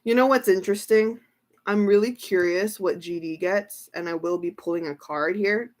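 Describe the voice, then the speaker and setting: A woman tarot reader in a casual livestream, excitable, exclaiming and repeating herself as she reads cards. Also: mid-range voice, moderate pace.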